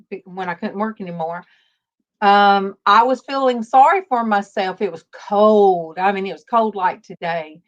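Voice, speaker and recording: A woman hosting a casual faith-based livestream, telling stories slowly with many fillers over a video call. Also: mid-range voice. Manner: rambling, warm storytelling with many fillers. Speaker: livestream host. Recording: dull lo-fi stream audio.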